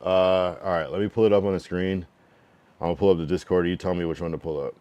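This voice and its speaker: Deep-voiced streamer man, frank and loose. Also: steady tone, darkish tone, dull audio. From New England, US. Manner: frank, loose, reads chat messages aloud and answers them; drawn-out slang-filled musing with many fillers. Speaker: livestreamer giving feedback to chat. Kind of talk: casual livestream chat.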